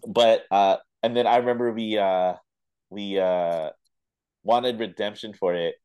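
A man with a low voice co-hosts a podcast, chatting casually. He tells animated stories full of fillers like "um" and "uh". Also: unhurried, clean tone. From Canada. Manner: animated storytelling with laughs and fillers. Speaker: podcast co-host. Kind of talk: casual chat.

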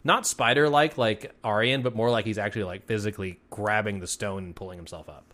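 A man narrating as game master of a tabletop game, in a casual, halting way with fillers and swearing. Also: lowish voice, fairly bright tone.

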